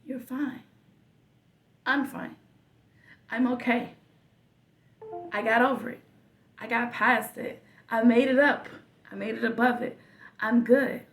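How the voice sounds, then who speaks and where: A woman hosting a podcast, telling a personal story in a slow, reflective way with soft whispered asides. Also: on the high side, distant mic. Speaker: podcast host. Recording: echoey room, voice a bit off-mic.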